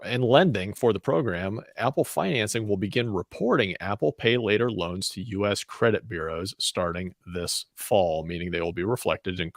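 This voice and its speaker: A man's voice: fairly low pitch, no room sound. A man co-hosting a radio talk show, chatting casually and reading the news in a dry, matter-of-fact way. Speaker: co-host and news reader.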